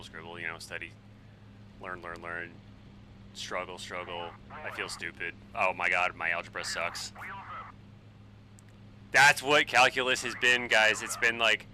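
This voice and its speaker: A man in his forties, a bit tipsy on wine, rambling and swearing excitably while chatting on a flight sim live stream. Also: low-pitched, slight background noise, rough recording. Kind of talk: casual live-stream chat while flying.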